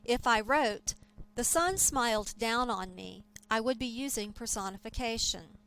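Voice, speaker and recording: A woman teaching a lecture, explaining terms in a clear, measured way. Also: a little high, fairly bright tone, low-quality recording. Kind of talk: scripted lecture.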